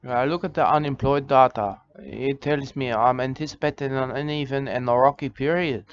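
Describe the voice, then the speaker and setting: A man in a rambling, deadpan comic monologue, halting on "uh" and restarts. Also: mid-range voice. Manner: halting, full of "uh" and restarts, says "mate". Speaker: comedic character monologue. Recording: slightly dull lo-fi sound with faint background noise.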